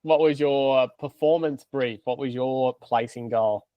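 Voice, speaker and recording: A male podcast host asking brief, unhurried follow-up questions. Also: medium pitch, no echo, lo-fi sound. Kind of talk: casual interview.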